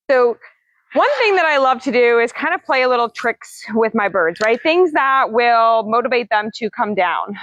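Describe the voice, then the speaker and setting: A woman's voice: on the high side, fairly bright tone, dry recording, dull audio. A woman hosting a casual livestream as a parrot trainer, chatting with viewers and cooing to her birds in a singsong voice. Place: outdoors.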